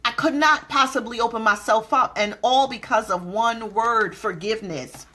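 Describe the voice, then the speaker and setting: A middle-aged motivational speaker delivers an emphatic talk at normal speed with a sharp tone. She stretches out key words and leaps into quoted voices with sudden pitch jumps.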